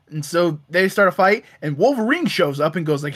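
Casting note: male podcast co-host, lively pitch, animated comic recap with voiced bits. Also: brisk, few pauses. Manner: animated, acts out characters' lines with filler "uh". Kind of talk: casual recap of a comic issue.

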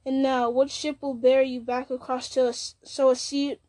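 A bitter old wizard, fallen and scornful, sneers at everyone around him, as a woman reads him aloud. His voice sits high and bright, with a mocking, resentful edge. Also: flat delivery, moderate pace, lightly acted.

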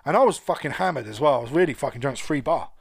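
A man's voice: fairly high pitch, lively intonation, rapid-fire, creaky, husky. A British man co-hosting a podcast, telling a story in casual chat with lots of swearing. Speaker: podcast co-host.

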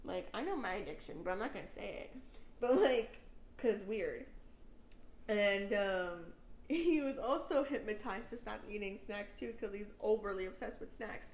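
A woman's voice: mid-range voice, lively intonation, moderate pace, roomy sound, poor audio. A young woman from New York, a podcast host chatting casually, rambling and swearing and laughing at her own stories. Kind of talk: casual chat.

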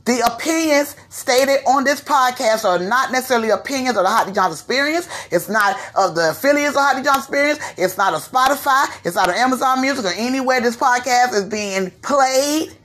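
A woman from Florida hosting her own podcast, giving a slangy, animated commentary rant and slipping into mimicry of others. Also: sits high, fairly quick, hardly any pauses. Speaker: podcast host. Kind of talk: ranting commentary monologue.

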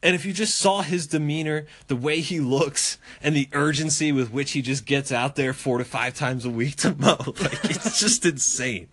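A man's voice: on the high side, normal speed, hardly any pauses. A man hosting a podcast, telling a story in casual chat, swearing and acting out the people in it. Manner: animated, profane, acts out voices while telling stories. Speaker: podcast host.

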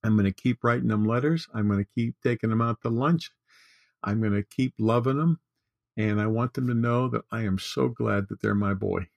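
A man's voice: fairly low pitch, normal speed, creaky, dry recording. An older man talking as a podcast guest, earnest and heartfelt, in casual conversation. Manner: warm-hearted, earnest, tearful at times. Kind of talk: casual chat.

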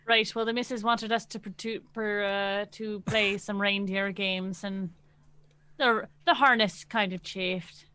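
A woman's voice: mid-range voice, steady tone, unhurried, pushed and bright, clean tone, no echo. A woman voicing a folksy, bawdy married man who stammers and restarts often.

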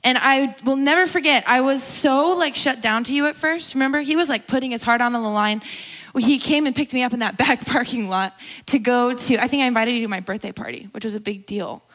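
Speaking fairly quickly in a fairly high, somewhat bright voice, a young woman gives a candid personal testimony as a guest speaker at a church gathering. She keeps it conversational, laughs a lot, and becomes tearful at moments while she preaches.

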